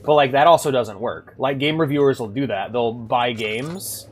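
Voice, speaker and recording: At normal speed and medium pitch, a young man talks casually to his chat while streaming a horror game, rambling and frequently restarting his sentences with plenty of likes.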